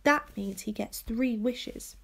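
A woman's voice: on the high side, takes it slowly, vocal fry, fairly bright tone, exaggerated voice. A woman voicing a bossy, indignant young girl in a storybook read-aloud, with a demanding, impatient way of talking. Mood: insistent.

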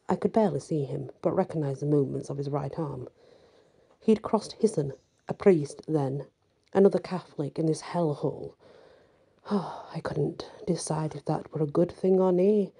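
Husky, dark-toned woman telling a story. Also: sits low, normal speed. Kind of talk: storybook reading.

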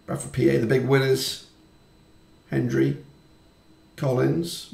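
A man commentating on his football management game, chatty and quick to swear when frustrated. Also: medium pitch, steady tone, gravelly, a little mellow, roomy sound. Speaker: gaming YouTuber. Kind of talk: let's-play commentary.

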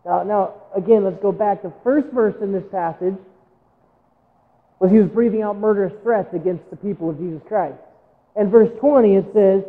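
A high-pitched male pastor delivers a sermon at normal speed inside a church sanctuary, acting out quoted lines within a story and addressing the congregation directly. The recording sounds like a phone capture in a large room.

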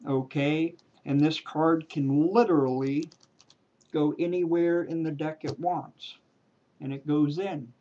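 A man chats his way through a card trick in a joking, goofy way. His speech is slow and drawn out, his voice a little high. The sound is muffled and lo-fi, like an old home video. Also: steady tone, mellow. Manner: playful, jokey, drawn-out emphatic words. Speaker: amateur magician performing a card trick. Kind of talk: casual talk to camera while doing a card routine.

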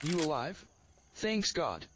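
A man voicing a helpful male rescuer in a game map who gives directions in a halting, plain way. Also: on the high side, big pitch swings, very noisy. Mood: urgent.

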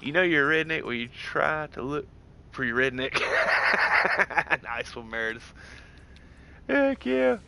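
A man's voice: on the high side, lively intonation, slow pace, vocal fry, long pauses, pushed and bright, a little hiss or hum. A man with a Southern US accent, chatting casually as he streams a game and reads out viewer comments in a laid-back way. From United States. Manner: laid-back and chatty, drawling "heck yeah" and "dude", reads chat aloud. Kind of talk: casual live-stream gaming chat.

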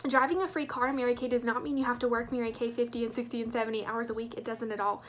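A woman's voice: a little high, steady tone, very fast. A woman, telling her story as a sales director with enthusiastic emphasis. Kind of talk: personal testimonial.

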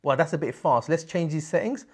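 A man presenting a screen-recorded software tutorial, explaining step by step in an upbeat way with frequent check-ins. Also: a little high, expressive, fairly quick, slightly rough.

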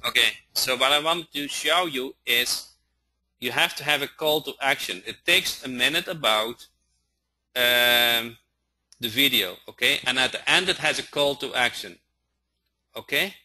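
A man teaching a live online training, speaking haltingly and often checking in with his listeners. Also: medium pitch, bright, forceful tone, slightly rough. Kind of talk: live webinar instruction.

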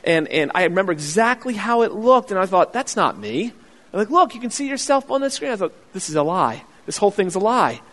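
A man preaching a sermon as pastor, telling a childhood story with acted-out voices and loud excited bursts. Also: sits high, brisk, big-room sound. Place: church sanctuary.

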